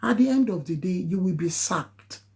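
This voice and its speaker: A Nigerian-accented woman speaks in a mellow, darker voice, lecturing her viewers like a preacher. She hammers her points and leaps up in pitch on sharp, insistent phrases. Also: animated, normal speed. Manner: emphatic, preachy, rising to high exclamations. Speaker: nurse giving a live talk. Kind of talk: impassioned live-stream talk.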